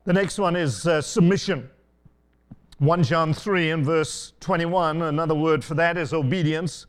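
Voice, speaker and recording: A man's voice: on the high side, steady tone, clean tone. Older male preacher, storytelling sermon. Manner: unhurried storytelling preaching, frequent asides. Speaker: pastor.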